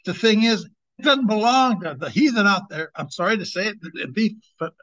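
A fairly high-voiced man preaches in a loose, conversational way, leaning hard on key words and drawing them out. The sound is dull and lo-fi, as if taped on modest gear. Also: expressive, fairly bright tone. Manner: emphatic, conversational, drawn-out slow stresses. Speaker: evangelist, teacher. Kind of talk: informal sermon. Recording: dull lo-fi recording.

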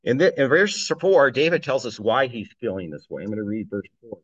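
A man's voice: mid-range voice, very animated, a little fast, no room sound, lo-fi sound. Man preaching casually on a psalm. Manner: conversational, reads scripture aloud, chuckles between points. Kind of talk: informal sermon on a psalm.

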